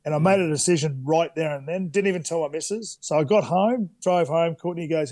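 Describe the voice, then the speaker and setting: Brisk and barely pausing, this Australian man in his thirties has a fairly high voice on a dry recording. He's a podcast guest sharing candid anecdotes in a loose interview, full of fillers and false starts.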